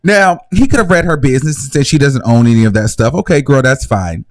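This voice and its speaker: A man hosting a live reaction commentary, talking in a sassy, animated gossip style. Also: mid-range voice, fast talker, no echo. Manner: sassy, animated gossip with shrieking laughs and mock voices. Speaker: commentary host.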